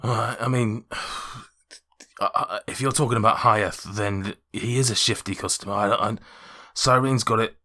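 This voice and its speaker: A man voicing a blunt, plain-spoken townsman with a Scouse accent, halting and restarting as he talks. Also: on the low side, fairly even intonation, sharp tone.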